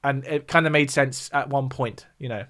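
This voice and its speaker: This man's medium-pitched voice is steady, bright and forceful, delivered at normal speed in a southern English accent. As a music YouTuber on a livestream, he chats casually, explaining things and replying to viewers' chat between points.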